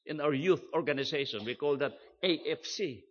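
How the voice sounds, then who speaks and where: An older man preaching a sermon, emphatic and measured, repeating key phrases for stress. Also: fairly high pitch, lively intonation. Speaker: pastor. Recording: dull lo-fi sermon recording.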